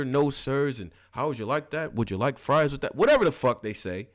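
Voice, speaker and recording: Slangy man hosting a call-in show. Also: a little fast. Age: early 30s. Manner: animated slangy storytelling, switches to loose low-key housekeeping. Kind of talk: casual live call-in monologue.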